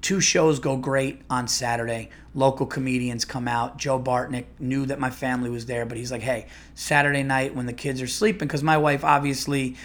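Man, comedian, casual storytelling, profane, rambling, restarts, middle pitch. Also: a bit bright. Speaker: comedian and podcast host.

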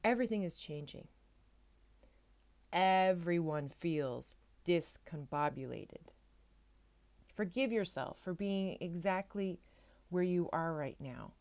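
A woman hosts her own podcast, offering soft, reassuring affirmations that she repeats again and again. Her voice sits somewhat low for a woman. She sounds a little tearful at times, and her heartfelt delivery stays gentle throughout. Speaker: podcast host. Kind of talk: heartfelt solo podcast talk.

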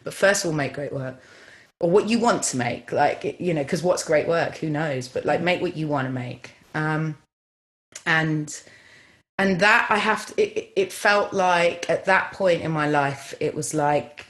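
A low-pitched woman, speaking as a film director in a relaxed interview. She talks in an animated, chatty way, packing her sentences with fillers and quick restarts. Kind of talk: casual interview storytelling.

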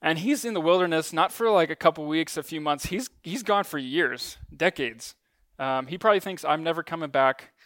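A man's voice: a little high, animated, moderate pace, a bit bright, dry recording. A man preaching a casual sermon to a church gathering, talking conversationally with frequent ums and light self-deprecating asides.

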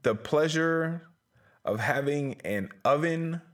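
A man's voice: a little high, animated, slow. A man hosting a solo podcast from a small closet, talking in a rambling, profane, self-mocking way. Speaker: podcast host.

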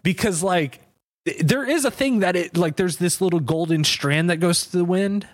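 A man co-hosting a podcast who rambles through casual chat, swearing and reacting quickly. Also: sits high. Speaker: podcast co-host.

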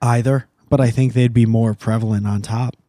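A man's voice: medium pitch, steady tone, normal speed, mellow, no echo, clean studio sound. A man co-hosting a podcast from home, chatting casually with a sarcastic, teasing streak and plenty of swearing. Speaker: podcast co-host. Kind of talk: casual chat.

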